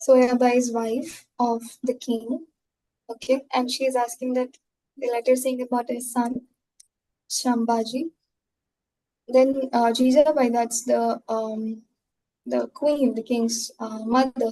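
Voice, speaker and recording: A woman's voice: fairly high pitch, steady tone, slow pace, mellow, rough recording. A woman teaching an online class over a video call. She explains patiently and fills her talk with "um" and "like". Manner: explains patiently, full of fillers like "um" and "like".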